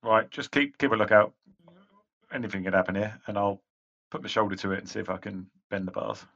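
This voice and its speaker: A man plays a tabletop game in a casual, rambling way, with plenty of fillers. His voice sits low, and the recording sounds dull and lo-fi. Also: fairly quick, gravelly, a bit bright. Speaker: player.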